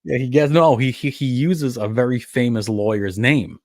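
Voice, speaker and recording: A man co-hosting a casual movie review podcast, retelling scenes with animated, laughing energy. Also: medium pitch, normal speed, dry recording, clean studio sound. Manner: animated storyteller, laughs at his own retellings. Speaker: podcast co-host. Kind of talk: casual film review chat.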